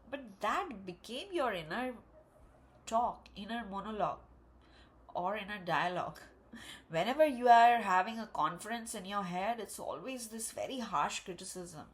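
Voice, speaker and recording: A woman giving an emotional, encouraging tarot card reading, speaking slowly and with emphasis. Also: medium pitch. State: tearful. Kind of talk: spiritual pick-a-card reading.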